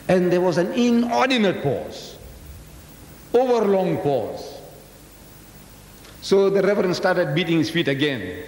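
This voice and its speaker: A man's voice: lively intonation, unhurried, vocal fry, long pauses, a little mellow. A man in his seventies giving a public lecture, telling a story with emphatic rhetorical questions. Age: 70s. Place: large lecture hall. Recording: echoey hall recording, faint rumble.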